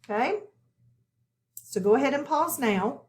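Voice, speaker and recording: Slow, patient woman teaching phonics. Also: high voice, lively intonation, echoey room. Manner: patient, step-by-step instruction. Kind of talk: recorded video lesson.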